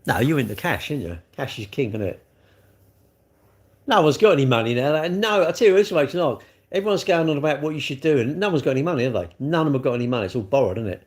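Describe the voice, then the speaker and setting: A man's voice: medium pitch, animated, fast. Chatty middle-aged man rambling. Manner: rambling, chatty, full of tag questions. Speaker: livestreamer. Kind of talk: casual live chat answering viewer comments.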